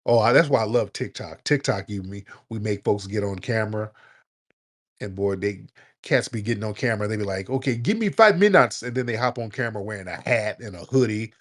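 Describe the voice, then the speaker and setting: A man hosting a call-in show, blunt and joking, scolding his callers in loud, casual talk. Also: lowish voice, fairly even intonation, a little fast. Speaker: radio call-in host.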